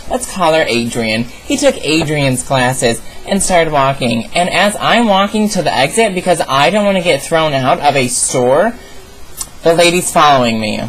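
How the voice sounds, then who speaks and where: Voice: mid-range voice, rough recording. A young adult vlogger telling a story in an exasperated, sassy rant with plenty of asides.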